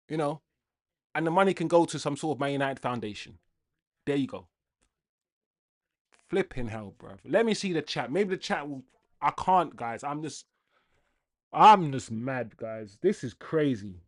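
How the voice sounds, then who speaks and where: A man's voice: a little high, normal speed, long pauses. A young man hosts a fan livestream and rants angrily to his chat in a casual way. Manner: angry, ranting, lively with laughs.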